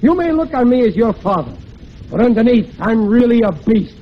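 A gruff, blustering family man with a fairly high voice, puffing himself up with tough talk. It comes through a muffled, hissy old radio broadcast. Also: sing-song, normal speed. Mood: scheming. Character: blustering working-class husband and father. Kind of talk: 1940s radio comedy acting.

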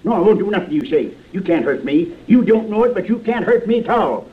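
A man's voice: high-pitched, big pitch swings, fairly quick. A man playing a timid small-town fellow who bluffs as a gunman, with an ungrammatical folksy drawl, in an old radio drama. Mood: menacing. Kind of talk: 1950s radio drama acting. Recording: muffled old radio broadcast.

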